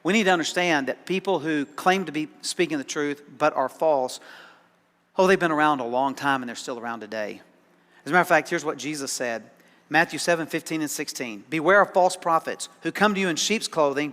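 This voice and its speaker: A man's voice: on the high side, brisk, fairly bright tone, in a large hall. A man preaching a sermon as pastor, conversational and dryly sarcastic, often repeating words as he starts a thought. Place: church sanctuary.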